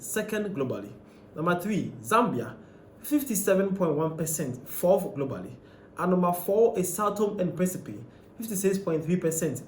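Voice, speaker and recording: A man's voice: high-pitched, darkish tone, reverberant, a little hiss or hum. A man hosting a show who walks through a ranked list in a conversational, questioning way with many fillers and restarts. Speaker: host. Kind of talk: casual commentary on a ranked list.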